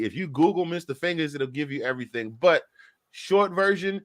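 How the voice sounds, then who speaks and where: Animated man telling stories as a podcast guest. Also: a little high, fairly quick. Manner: animated storyteller, mimics voices in anecdotes. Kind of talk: casual sports chat.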